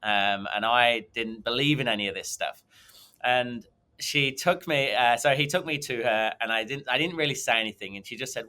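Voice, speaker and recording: A man in his thirties, a guest on a podcast, telling a long personal story. He rambles with frequent ums and restarts. His voice is bright and forceful. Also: mid-range voice, fairly quick, smooth. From England. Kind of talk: conversational storytelling.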